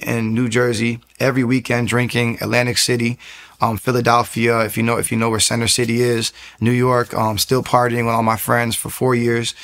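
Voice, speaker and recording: A young adult man recounts his personal testimony in a rapid, earnest flow. He restarts his sentences often and pushes his voice up into loud, intense bursts as he relives key moments. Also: medium pitch. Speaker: testimony speaker.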